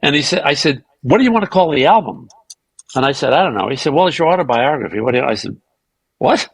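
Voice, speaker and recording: Gravelly, husky man telling stories. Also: mid-range voice, quick pace, no echo, low-quality recording. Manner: animated anecdotes, acting out quoted dialogue; profane and self-mocking. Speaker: podcast guest. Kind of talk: casual storytelling interview.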